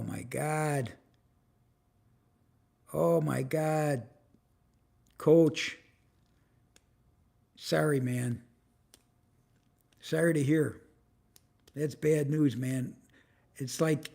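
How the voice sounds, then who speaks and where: A man's voice: fairly high pitch, vocal fry, darkish tone. An older man in his seventies hosting a casual live stream from a camera on a tripod, rambling, frustrated and swearing as he greets viewers in the chat by name. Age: 70s. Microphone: phone or camera on a tripod.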